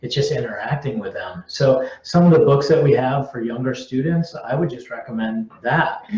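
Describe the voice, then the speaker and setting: A man's voice: medium pitch, animated, normal speed, a little mellow. A man answering homeschool viewers' questions in a casual live-stream Q&A. He talks conversationally, often restarting his sentences and using filler words. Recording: roomy, slightly dull live-stream audio.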